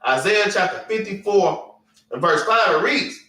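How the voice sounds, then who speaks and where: A man's voice: high-pitched, expressive, unhurried, sharp tone, recorded from a distance. A man teaching a Bible class, preaching bluntly with slang and cursing, and often tagging "man" and "all right". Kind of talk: informal preaching with scripture reading. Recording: echoey room, away from the mic.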